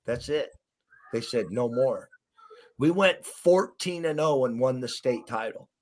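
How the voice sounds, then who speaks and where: Middle-aged man from Arkansas, coach type, animated and emphatic storyteller, mid-range voice. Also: mid-range voice, measured pace. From Arkansas, USA. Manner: emphatic, animated storyteller who acts out quotes. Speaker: basketball coach, guest. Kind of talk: storytelling in an interview.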